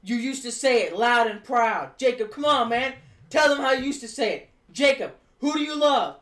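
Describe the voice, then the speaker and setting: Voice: mid-range voice, moderate pace, natural voice. A streamer voicing a scheming male wrestling faction boss in a casual impression during a recap. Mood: pushy. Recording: roomy echo.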